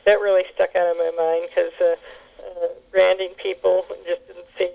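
A woman telling family memories in an oral history interview, halting with many fillers and restarts. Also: fairly low pitch, little pitch movement, vocal fry. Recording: tinny phone line.

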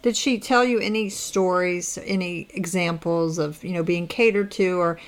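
A woman interviewing for an oral history, asking long, gently probing questions. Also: on the low side, steady tone, normal speed.

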